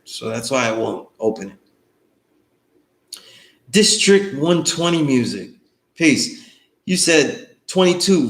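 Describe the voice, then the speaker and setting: Recorded with a roomy sound, a man with a slightly high voice instructs an online course. He talks in a loose, conversational way and often checks in by asking "you know what I mean?"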